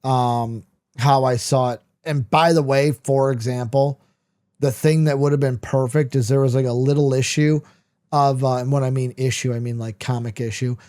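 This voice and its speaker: A man's voice: medium pitch, fairly even intonation, normal speed, mellow. A man in a casual, rambling comic book discussion, talking with many fillers and asides.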